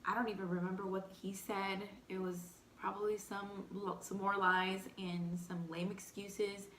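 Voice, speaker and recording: A young woman with a light Texan accent casually telling a personal story between bites, animated and candid, full of "like". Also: mid-range voice, a little slow, echoey room, slight background noise. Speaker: vlogger. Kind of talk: storytime eating show chat.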